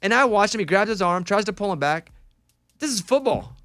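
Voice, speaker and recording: A man hosting a casual morning radio show, telling animated stories and acting out shouted quotes. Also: high-pitched, fairly quick, dry recording, clean studio sound. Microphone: studio microphone.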